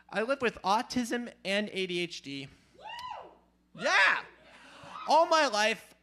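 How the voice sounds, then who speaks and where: An animated man on a small club stage telling comic stories, playful and loud. His voice is high and bright and swings widely. He throws in lively asides. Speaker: storyteller, comedian. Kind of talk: live stand-up storytelling.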